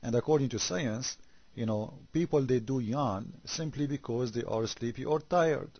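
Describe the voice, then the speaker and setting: A man whose first language is Arabic delivers a critical commentary in a husky, slightly rough voice. He talks sarcastically and keeps piling up rhetorical questions. The sound is dry and dull, like a lo-fi recording made close to the mic. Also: medium pitch, normal speed, no room sound. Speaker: religious debater.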